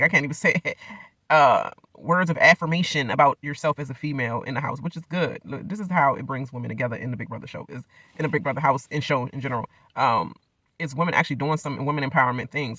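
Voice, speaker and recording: A vlogger recaps a reality show episode casually, rambling in slang and laughing often. His voice is slightly high with a sharp edge, and it sounds close and dry, with no room echo.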